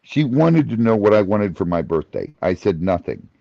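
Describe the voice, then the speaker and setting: A man's voice: fairly low pitch, sing-song, moderate pace, creaky, background noise. A man on a casual live podcast chat, speaking in a matter-of-fact, stubborn way. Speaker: podcast co-host. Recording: dull dry sound.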